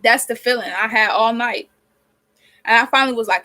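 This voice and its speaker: Young woman, 19, slightly high voice, blunt and sweary, rambling vlog chat with a sniffly nose. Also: a little fast, pauses often, pushed and bright, poor audio. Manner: frank and rambling, heavy swearing, venting. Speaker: vlogger. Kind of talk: casual chat while doing her hair. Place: small cold bedroom with a space heater running.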